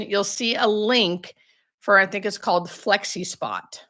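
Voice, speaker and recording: Chatting on a livestream from home, a woman in her thirties, a hospice nurse and host, welcomes viewers one by one by name and makes self-deprecating jokes in a casual Q&A. Her voice is clear, bright and unhurried, at a middle pitch for a woman.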